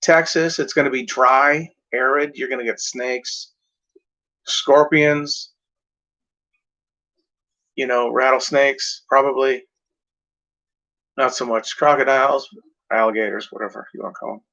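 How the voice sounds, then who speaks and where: A man's voice: mid-range voice, steady tone, measured pace, pauses often, sharp tone. A man rambling through a casual vlog monologue, swearing freely and joking to himself. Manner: rambling, profane, jokey. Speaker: vlogger. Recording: muffled lo-fi recording.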